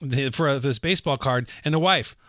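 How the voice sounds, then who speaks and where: A man's voice: medium pitch, brisk, a bit bright, no room sound, studio quality. A man in casual conversation about a movie, rambling with many fillers and restarts.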